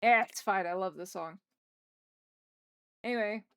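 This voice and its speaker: Smooth-voiced woman chatting on a livestream. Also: medium pitch, unhurried, pauses often, a bit bright, no room sound, studio quality. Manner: chatty, rambling, talks to her pets. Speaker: streamer. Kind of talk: casual livestream chat while drawing. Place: home desk in a wheeled chair.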